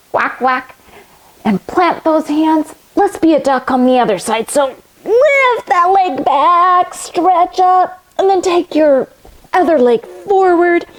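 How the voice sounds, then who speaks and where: A woman teaching yoga to children through a storybook reading, gentle and instructive, making animal sounds along the way. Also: high-pitched. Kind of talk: storytelling yoga lesson for kids.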